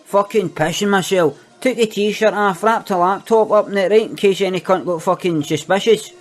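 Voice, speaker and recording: Guy doing a cocky wee glasgow ned, high voice, swears every other word, faint music behind. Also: moderate pace, natural voice. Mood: boastful. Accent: Glaswegian. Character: cocky young Glasgow petty thief, boastful and foul-mouthed. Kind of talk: comic monologue.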